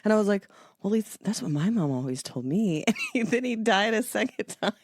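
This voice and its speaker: A woman's voice: mid-range voice, animated, brisk, a little mellow, dry recording, studio quality. A young adult woman co-hosting a podcast, chatting casually with a playful, teasing manner. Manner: playful, teasing, laughs often. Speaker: podcast co-host. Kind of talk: casual chat.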